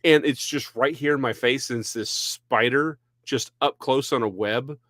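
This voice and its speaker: A man from Texas co-hosting a podcast, chatting casually with hesitant restarts that break into quick bursts. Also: medium pitch, fairly bright tone, no room sound, studio quality. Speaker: podcast co-host. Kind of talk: casual chat.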